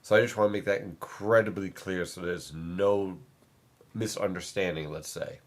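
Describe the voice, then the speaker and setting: A man's voice: low voice, steady tone, moderate pace. A man, a meteorologist, giving a weather forecast and stressing his key points firmly so nothing is misunderstood. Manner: emphatic, repeats points for clarity.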